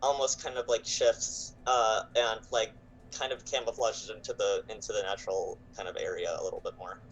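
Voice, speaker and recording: A man's voice: on the low side, level tone, normal speed, a bit bright, slight background noise, low-quality recording. A man playing in a tabletop game, rambling and hedging with lots of fillers. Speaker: player.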